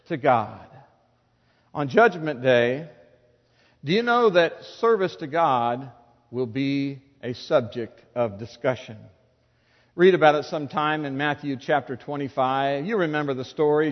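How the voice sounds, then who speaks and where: A man's voice: fairly high pitch, in a large hall, dull audio. A pastor, a man, preaching an earnest, emphatic sermon full of rhetorical questions.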